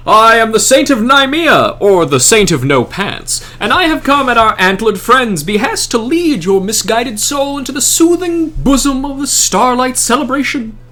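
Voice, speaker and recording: A man's voice: extremely high pitch, lively intonation, moderate pace, few pauses, bright, forceful tone, voice pushed up, full character voice. A man voicing a grand, theatrical male holiday saint from a game, making pompous proclamations. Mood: grandiose.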